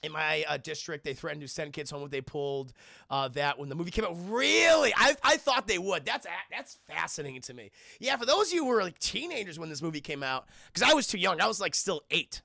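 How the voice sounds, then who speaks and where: A man in his thirties doing a live spoiler film review, talking to his viewers in an animated, profane way. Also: fairly high pitch, brisk, creaky, dry recording, clean studio sound. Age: 30s. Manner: animated, profane, laughs while retelling.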